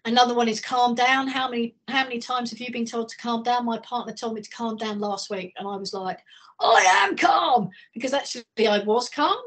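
Breathy woman teaching over a video call. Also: fairly high pitch, fairly even intonation. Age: middle-aged. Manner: conversational, anecdotal, speeds up and slows down. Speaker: communication trainer. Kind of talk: training talk on a video call.

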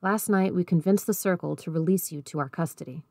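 A woman reading a calm probing older man. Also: fairly low pitch, fairly quick, dry recording, clean studio sound. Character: steady caring older man counselor.

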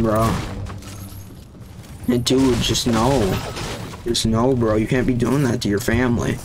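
A young man giving casual, excitable gameplay commentary, jumpy and slangy, with sudden yelps when startled. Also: mid-range voice, a little slow, long pauses, noisy background. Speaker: gaming YouTuber. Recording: game music and sound effects behind voice. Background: loud game music.

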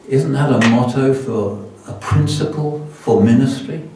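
A man's voice: medium pitch, unhurried, few pauses, warm tone, slight background noise. An older man preaching as a guest, telling a self-deprecating story with many restarts. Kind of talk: sermon with anecdotes. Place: church hall. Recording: echoey church hall from far off.

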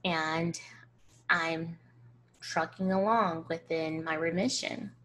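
A woman hosting a personal storytelling vlog, animated and acting out the dialogue as she tells it. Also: low voice, slow, a little hiss or hum. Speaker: host.

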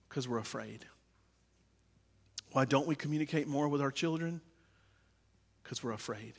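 A middle-aged man preaching a sermon as pastor, swinging from quiet confiding to loud impassioned preaching. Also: on the high side, breathy edge. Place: church sanctuary. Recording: long reverb of a church hall.

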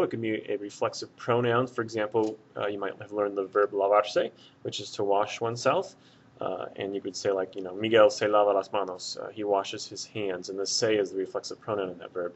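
Low-voiced man teaching a casual lesson. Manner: relaxed, with many filler words. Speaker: Spanish teacher. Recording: dull lo-fi sound.

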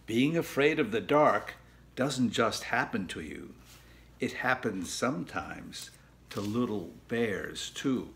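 Man reading a children's picture book aloud, unhurried and gentle, mid-pitched voice. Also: animated, gravelly. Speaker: storybook reader. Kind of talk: children's storybook read-aloud.

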